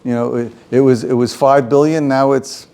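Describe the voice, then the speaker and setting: A man teaching an informal Torah class in a conversational way. His voice sits at a middle pitch. He restarts his phrases often and repeats key lines for weight. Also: little pitch movement, normal speed, mellow. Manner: repeats himself, restarts, chuckles, acts out quotes.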